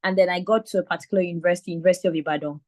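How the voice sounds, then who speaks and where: Animated Nigerian woman with a slight lisp. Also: on the low side, rapid-fire. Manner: animated storyteller acting out quotes. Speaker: mentor. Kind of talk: live online mentoring talk. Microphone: video call.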